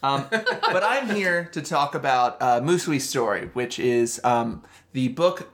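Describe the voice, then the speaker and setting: A man's voice: mid-range voice, animated, slow, a bit bright. A man co-hosting a casual podcast, laying out a historical story at length with fillers and easy laughs. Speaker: podcast co-host presenting the episode's topic.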